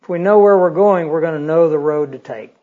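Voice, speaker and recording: Male preacher, folksy sermon with humor and rhetorical questions; high voice, dull recording. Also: fairly quick. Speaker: pastor.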